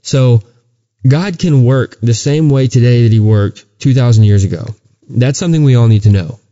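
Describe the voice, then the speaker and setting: Earnest man telling a faith story, dark voice. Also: medium pitch, moderate pace, dull audio. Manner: earnest storytelling with many restarts. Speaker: podcast co-host. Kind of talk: casual chat and testimony.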